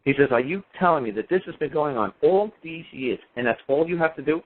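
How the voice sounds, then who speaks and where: A man's voice: on the high side, animated, fairly quick. A man telling a personal story on talk radio in a defiant, emphatic, repetitive way. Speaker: radio show guest speaker. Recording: tinny phone-line radio sound.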